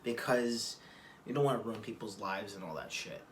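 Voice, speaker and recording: A vlogger talks casually to camera from a room at home, rambling, cursing, restarting, and drifting into digressions. He has a lowish voice and a moderate pace, with slight background noise.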